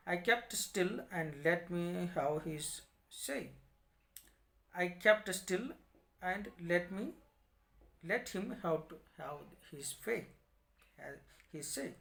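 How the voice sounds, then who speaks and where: Man, Indian English accent, teacher explaining a story, repeats each line, slightly high voice, roomy echo. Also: lively intonation, slow, creaky, long pauses, fairly bright tone. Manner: reads a line, then repeats and paraphrases it in simple words. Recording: echoey room.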